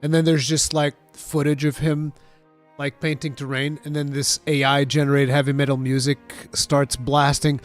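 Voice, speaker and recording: A man casually chatting on his stream while building models, his voice nasal and stuffy from allergies, telling stories in an animated, swearing way. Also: on the high side, moderate pace, faint music behind. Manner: animated, profane storytelling.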